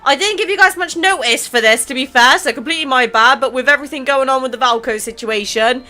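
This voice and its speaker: Vlog host, woman in her 20s, bright, slightly high voice, chatty, emotional, casual swearing. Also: fast. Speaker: YouTube channel host. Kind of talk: casual vlog chat reading viewer comments.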